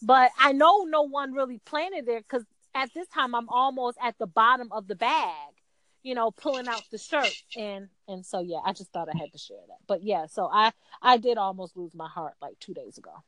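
A woman telling a casual story in a lively way, acting out the quotes in a higher voice. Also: normal speed, rough recording. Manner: animated, acts out quotes in a high voice. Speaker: guest.

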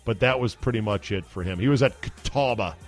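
A man with a lowish voice talks briskly over soft background music. He hosts a podcast and keeps the conversation casual, chatty, emphatic, and enthusiastic, speaking into a studio mic.

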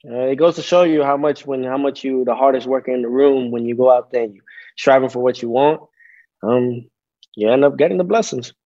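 A man in his twenties answering interview questions over a video call, halting, with many fillers and restarts. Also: mid-range voice, warm tone, muffled recording. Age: 20s. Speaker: interview guest, athlete.

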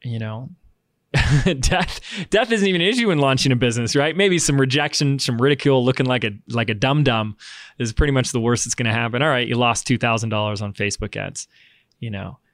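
A man hosting a podcast, thoughtful and encouraging, drifting between slow musings and quick asides. His voice sits at a middle pitch and sounds dry and close, with no room in it. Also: fairly bright tone, no room sound. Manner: reflective, encouraging, short affirmations. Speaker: podcast host. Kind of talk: casual interview chat.

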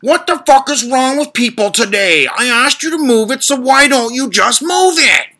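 A man mimicking a cranky, officious old neighbour man who rants in a shrill shout. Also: huge pitch swings, moderate pace. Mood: screaming.

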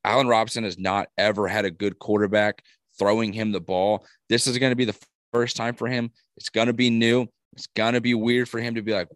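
A man co-hosting a casual sports podcast, talking in a brash, animated way and swearing freely. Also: lowish voice, fairly quick, no room sound, studio quality. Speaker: podcast co-host.

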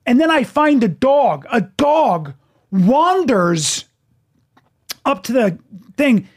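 A man hosting a casual podcast chat, telling a story with lots of energy, quick restarts and swearing. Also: very high-pitched, very animated. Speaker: podcast host, stand-up comedian.

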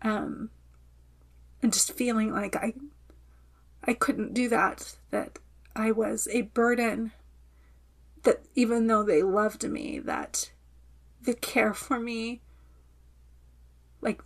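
Woman host talking thru old feelings real slow, kinda high voice, lots of restarts. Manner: slow, searching, halting speech. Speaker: podcast host. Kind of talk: emotional self-reflection.

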